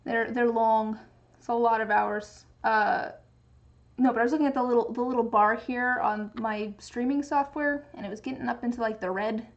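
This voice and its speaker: A woman's voice: fairly high pitch, fairly even intonation, normal speed, dull audio. Chatty Pacific Northwest woman streamer. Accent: Pacific Northwest American. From Pacific Northwest, USA. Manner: chatty, rambling, many restarts. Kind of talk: casual chat while crafting.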